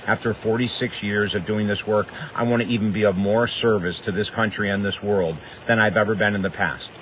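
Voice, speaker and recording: Earnest older man with a low voice. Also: fairly even intonation, a little fast, fairly bright tone, slight background noise, low-quality recording. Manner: earnest and emotional, repeating phrases for emphasis. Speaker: grief counselor. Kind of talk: personal storytelling to camera.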